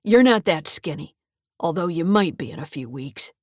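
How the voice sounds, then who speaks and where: A woman playing a mean, gruff old grandfather who talks in a gravelly, curt and bullying way. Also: sits low, lively intonation, moderate pace, darkish tone, no echo, clean studio sound.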